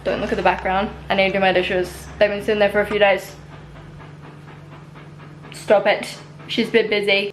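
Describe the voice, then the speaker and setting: A woman's voice: mid-range voice, rough recording. A young woman, chatting casually to camera at home in a giggly vlog. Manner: chatty and giggly, says "like" often. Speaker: vlogger.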